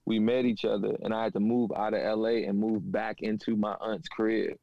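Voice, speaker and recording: A man in his thirties from a Panamanian-American family tells stories in casual slang, acting out quotes. His voice has a gravelly fry in it. The sound is dry and slightly dull. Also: on the low side, normal speed, no echo. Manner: animated, slangy, acts out quotes, repeats "you know what I'm saying". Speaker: guest. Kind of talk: casual conversation, storytelling.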